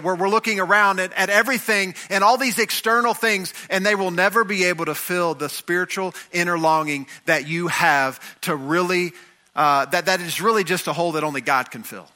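A man's voice: high-pitched, fairly quick, sharp tone. A man preaching a sermon, acting out the voices of figures from scripture as he goes. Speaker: pastor.

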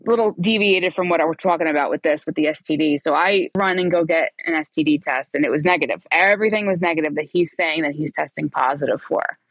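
A woman in her forties, a podcast guest, telling her own story in a candid, animated way and acting out the dialogue. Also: sits low, fast, hardly any pauses, no echo. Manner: animated, acts out quoted dialogue.

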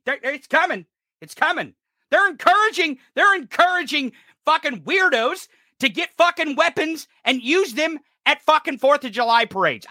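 Furious podcast host, male, profane shouting rant, bright edgy voice. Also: extremely high pitch, expressive, moderate pace, dry recording, clean studio sound. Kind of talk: political rant.

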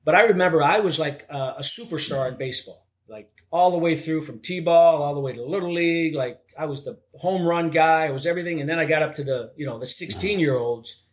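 Male podcast host, fairly high voice, loose and rambling delivery. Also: a little fast. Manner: rambling, heavy on "like" and "you know". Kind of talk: casual interview chat.

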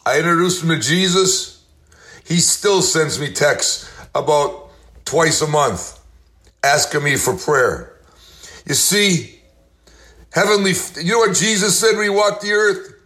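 A man in his late sixties hosting a motivational faith talk, reciting affirmations and telling stories in a slow, emphatic preacherly way. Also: fairly high pitch, bright, forceful tone. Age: 60s. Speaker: host.

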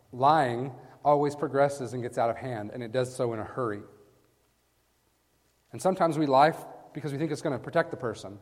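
A man preaching a sermon with emphatic stress, swinging from hushed lines to loud bursts and often asking his listeners "right?". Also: medium pitch. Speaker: preacher teaching a Bible passage. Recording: long reverb from a large hall.

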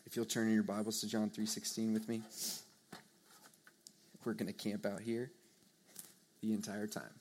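A young man preaching a sermon to a live audience, earnest and conversational, swinging from hushed to loud emphasis. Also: lowish voice, little pitch movement, moderate pace, long pauses, slight background noise. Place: church or meeting hall with a live audience.

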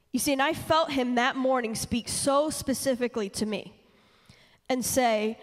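Her sermon delivered a little slowly in a fairly high voice, a woman at church speaks candidly and earnestly, her intensity building as she preaches. The church hall's long reverb lingers behind her.

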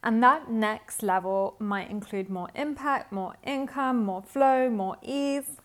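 A woman's voice: fairly high pitch, slow pace, a bit bright. A young adult woman hosting a solo podcast as a business coach, talking in a chatty, upbeat way and acting out inner thoughts. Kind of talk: casual solo podcast monologue.

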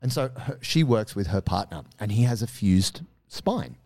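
A man hosting a podcast, telling a story in a casual, animated way, swearing freely and acting out the quotes. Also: fairly low pitch, moderate pace. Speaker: podcast host.

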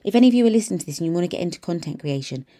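A woman's voice: fairly low pitch, expressive, rapid-fire, warm tone. A woman in her thirties hosting a podcast, speaking in an upbeat, encouraging and emphatic motivational monologue. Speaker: podcast host and nail tech mentor.

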